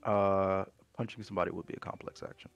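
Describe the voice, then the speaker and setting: A man's voice: low voice, little pitch movement, fast talker, gravelly, dull audio, soft background music. A young man running a tabletop game as game master, explaining rules casually and patiently over a voice call.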